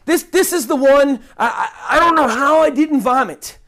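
A woman's voice: sits high, moderate pace, a bit bright. A woman giving an earnest online Bible teaching, indignant and emphatic, repeating words for stress.

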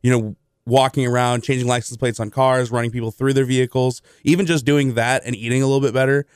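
A laid-back radio co-host, a man with a mid-pitched voice. He talks plainly and easily, recorded dry and close in a studio. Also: steady tone, fast, clear, resonant tone, no room sound. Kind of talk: casual sports radio chat. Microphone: studio microphone.

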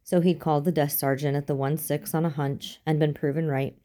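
Low, mellow-voiced woman narrating a novel. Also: flat delivery, a little fast. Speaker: audiobook narrator. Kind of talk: fiction audiobook narration.

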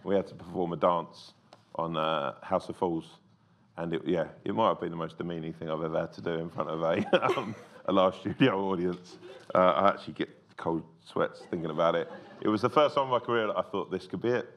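A man's voice: low voice, brisk. A comedian in a casual interview, telling anecdotes and acting out other people's voices as he goes. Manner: animated storyteller who acts out quoted voices. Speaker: comedian guest.

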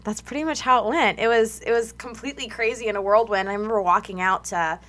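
A young woman telling a story as a guest in a casual radio chat, animated and laughing often, acting out what people said. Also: fairly high pitch, fast. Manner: animated, laughing, acts out quotes.

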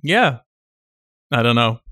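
A man hosting a relaxed film podcast, talking in an easy, chatty way with frequent laughs. His voice sits in the middle of the range and sounds close and dry, with no room around it. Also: mid-range voice, slow pace, no room sound. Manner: chatty, laughs often, self-deprecating. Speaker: podcast host. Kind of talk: casual film discussion.

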